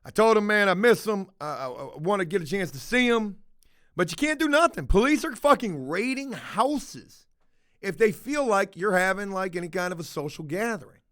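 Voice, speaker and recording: A man with a high-pitched voice chats loosely on a livestream and reacts to viewers' comments. He rambles from one gripe to the next and swears freely, with a blunt, unfiltered delivery. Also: animated, moderate pace, fairly bright tone. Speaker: livestream host reading chat. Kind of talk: casual livestream chat.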